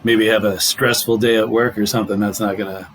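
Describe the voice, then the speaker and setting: A man's voice: lowish voice, steady tone, fairly quick, fairly bright tone, a little hiss or hum. A middle-aged man hosting a podcast, dropping wry, joking remarks in casual chat. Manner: wry, joking short interjections. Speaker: podcast host.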